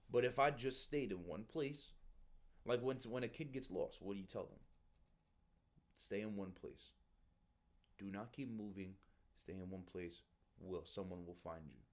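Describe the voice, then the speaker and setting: Animated swearing man on a podcast. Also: fairly low pitch. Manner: animated, swearing, addresses listener as bro. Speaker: Marine recruiter podcast host. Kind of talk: casual podcast monologue.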